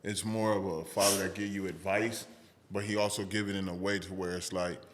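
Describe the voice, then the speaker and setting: A man's voice: low-pitched, little pitch movement, brisk, noisy background. A male podcast host with laid-back, slangy banter in casual conversation. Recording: long reverb room sound.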